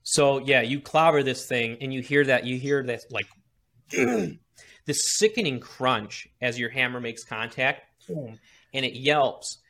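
A man's voice: mid-range voice, slow, fairly bright tone. Man running a tabletop game. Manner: explains rules with frequent restarts. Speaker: game master.

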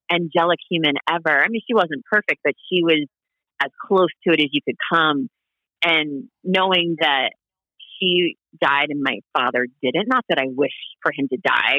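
A man with a very bright, sharp voice talks as a guest on a podcast. He reacts freely and is quick to laugh and agree. The recording sounds dry and a little dull. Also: fairly high pitch, no echo. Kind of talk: casual podcast conversation.

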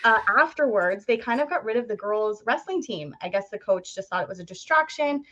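Chatty young woman, fairly high voice. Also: brisk. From Ontario, Canada. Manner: chatty, animated, many "like" fillers, acts out quoted voices. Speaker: guest. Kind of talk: casual storytelling interview. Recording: dull lo-fi podcast audio.

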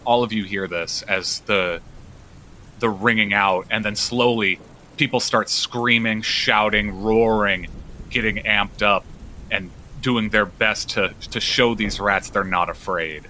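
Male game master for a tabletop game, low and bright-toned, vivid storyteller, soft rain ambience. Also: steady tone, slow, slight background noise, poor audio. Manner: vivid narration with frequent restarts.

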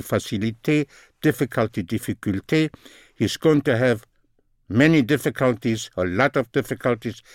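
A man teaching a recorded language lesson, slowly repeating each phrase and its translation. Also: medium pitch, dry recording, studio quality. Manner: slow, deliberate, repeats phrases in two languages.

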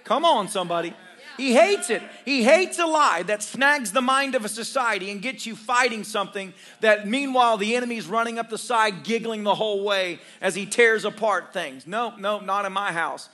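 A male pastor preaching a sermon to his church, calling for responses and rising to shouts, with joking asides. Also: sits high, normal speed. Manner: call-and-response with congregation.

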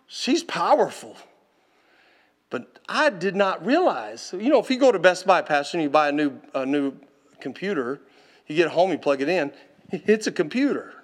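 A man preaching from the pulpit with a high voice and a bright, forceful edge. He tells his story in an animated way, laughing and calling out to the listeners as he goes. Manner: animated, laughing, calls out to the congregation. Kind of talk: storytelling sermon.

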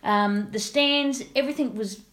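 A woman's voice: a little high, normal speed, fairly bright tone. A woman, co-hosting a casual sports chat, chatty and rambling, often laughing. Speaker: co-host.

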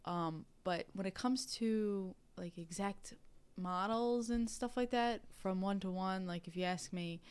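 A woman's voice: mid-range voice, unhurried, a little mellow, clean tone. A woman co-hosting a podcast in casual chat, rambling and laughing often at herself. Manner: giggly, rambling, self-deprecating. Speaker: podcast co-host.

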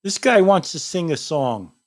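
A man co-hosting a talk show, bantering in a loud, crude, heckling way. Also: on the high side, very animated, unhurried.

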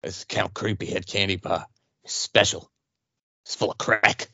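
A man putting on a creepy, sleazy voice, low and quick. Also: little pitch movement, creaky, pushed and bright, husky, no echo, lo-fi sound, exaggerated voice.

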